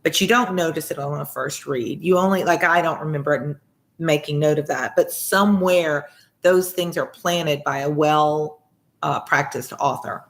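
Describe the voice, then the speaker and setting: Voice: medium pitch, normal speed, fairly bright tone. A tutor reading a classic novel aloud and breaking off for casual explanations, with frequent fillers. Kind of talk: read-along with commentary.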